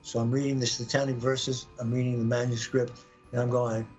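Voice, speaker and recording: A man telling an intense personal story on a live podcast, acting out his own words and the words of others with sudden jumps in pitch. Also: a little fast, soft background music, rough recording. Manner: animated, acts out quoted voices with sudden pitch jumps.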